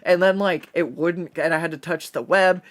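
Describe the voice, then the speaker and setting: Drawing on stream, a man talks casually and rambles through stories, laughing and using plenty of fillers. He has a slightly high voice, a steady tone and a moderate pace.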